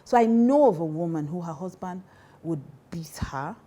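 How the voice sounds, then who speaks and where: A Nigerian woman pastor talks frankly to women, driving her points home by repeating them and often breaking into laughter. Her voice sits low and mellow, warm rather than bright. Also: moderate pace, slight background noise. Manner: emphatic and animated, repeats key phrases, laughs often. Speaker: pastor and counselor. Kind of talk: advice talk to women.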